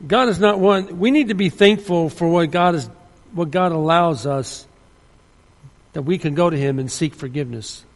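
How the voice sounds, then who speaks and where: Preacher, male, high gravelly voice, earnest and emphatic, long hall reverb. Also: normal speed. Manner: earnest, emphatic, with frequent restarts. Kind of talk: sermon.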